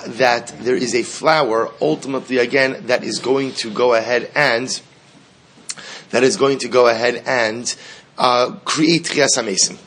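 Male teacher, animated storyteller, reads and translates, medium pitch. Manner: animated, repeats words as he translates. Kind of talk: storytelling lesson, reading and translating a text.

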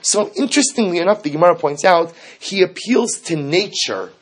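Male teacher, fairly high husky voice, lively text-study lecture with rhetorical questions. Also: moderate pace. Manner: animated, rhetorical questions, Hebrew quotes. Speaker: Torah teacher. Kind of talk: text-based Talmud class.

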